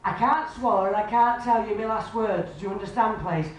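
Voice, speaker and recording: A spiritualist medium gives a brisk, homely live reading to a crowd, chatting away and calling the sitter love and sweetheart while repeatedly asking if they understand. Her voice sits at an ordinary middle pitch. The lo-fi recording, made from far off in a boomy, very echoey club room, carries a faint hiss.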